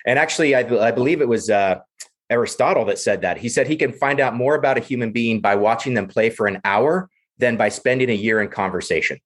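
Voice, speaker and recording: Man, podcast guest, mid-pitched voice, eager storyteller, casual chat. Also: brisk. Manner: enthusiastic storyteller, repeats words when starting. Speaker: podcast guest, play professional.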